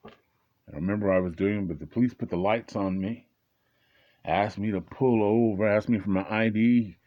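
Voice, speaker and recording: Deep-voiced man telling a personal story. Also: steady tone, normal speed, narrow, tinny audio. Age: 20s at the time told, now older. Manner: conversational, re-enacts angry exchanges with rising voice; frequent fillers and repeated restarts.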